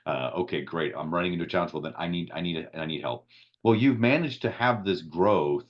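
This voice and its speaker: A man's voice: deep voice, brisk, muffled recording. A man hosting a podcast interview, talking in a reflective, conversational way with plenty of filler words. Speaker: podcast host.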